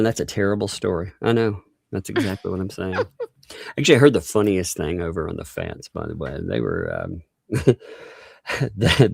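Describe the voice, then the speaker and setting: A man's voice: low voice, vocal fry, husky, dry recording. A man hosting a casual livestream chat, joking and laughing often, trailing off mid-sentence. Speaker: livestream host.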